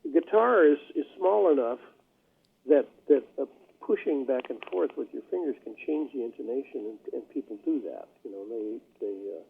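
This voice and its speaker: An older man reminisces at an easy, wandering pace, full of fillers and restarts. His voice is gravelly and a bit husky. The sound comes through a thin, phone-like line. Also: mid-range voice, expressive, normal speed. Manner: rambling storyteller with many fillers. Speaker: jazz bassist, guest. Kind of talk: casual interview talk.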